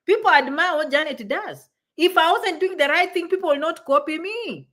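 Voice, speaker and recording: A woman hosting a livestream as an immigration visa advisor reads viewer comments and gives emphatic advice, regularly adding "okay?". Her voice is very high-pitched and a bit bright, at normal speed, recorded on a livestream setup.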